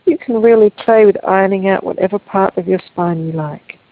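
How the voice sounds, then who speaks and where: A woman teaching a Feldenkrais movement lesson over a video call, giving calm, gentle, unhurried instructions. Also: medium pitch, gravelly, no echo. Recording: tinny, phone-like call audio, dry.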